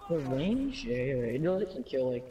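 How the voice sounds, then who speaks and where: A man chatting excitedly over a game with friends, saying like a lot. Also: medium pitch, normal speed, recorded from a distance, low-quality recording. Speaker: gamer in party chat. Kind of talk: casual chat.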